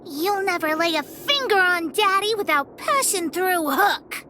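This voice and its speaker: A woman's voice: extremely high pitch, lively intonation, a little slow, sharp tone, slight background noise, full character voice. A woman voicing a brave, boastful little girl in a game, with childish bravado. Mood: defiant. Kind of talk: game voice acting.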